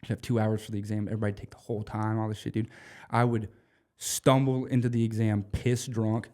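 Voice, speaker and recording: A man's voice: fairly low pitch, flat delivery, brisk, warm tone. A young man from Louisiana with a Southern accent, a stand-up comedian guest telling rambling, profane stories in casual podcast chat. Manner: rambling storyteller, swears freely, says dude a lot.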